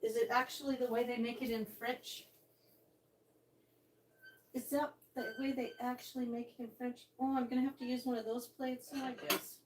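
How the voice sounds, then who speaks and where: A woman's voice: a little high, level tone, normal speed, slight background noise. An older woman hosting a casual live-stream cooking chat from her home kitchen, chatty and bubbly, greeting viewers by name. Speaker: livestream host.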